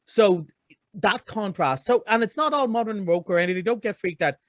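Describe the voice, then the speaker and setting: A middle-aged man with a notably high voice talks through a film review in a chatty, enthusiastic ramble. The sound is close and dry, with no room around it. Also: a little fast, a bit bright, dry recording. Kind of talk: casual radio chat.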